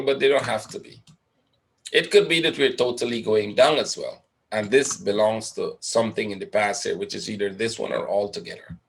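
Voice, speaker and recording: A man's voice: lowish voice, fairly bright tone. A man teaching a live trading webinar, thinking aloud over a chart, asking and answering his own questions with frequent "right?" tags. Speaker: trading educator.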